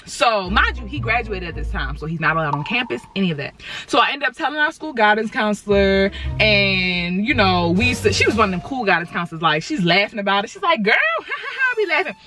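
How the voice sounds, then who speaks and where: A woman's voice: medium pitch, lively intonation, brisk, pushed and bright, soft background music. A young woman telling a casual storytime from inside her car, dramatic and sassy, talking straight to her viewers.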